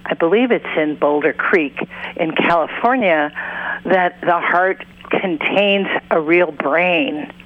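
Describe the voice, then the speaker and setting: A counselor and author talking as an interview guest, earnest and unhurried, acting out little quotes along the way. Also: mid-range voice. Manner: unhurried, earnest, acts out quotes in other voices. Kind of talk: interview over the phone. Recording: tinny phone line.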